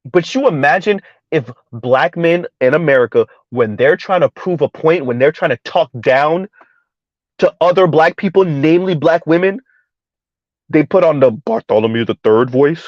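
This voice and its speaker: A man giving a heated, emphatic commentary rant on his vlog, repeating his points loudly. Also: fairly high pitch, lively intonation, normal speed, dry recording, highs cut off. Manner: loud, emphatic, repeats points, laughs at times. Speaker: commentary vlogger.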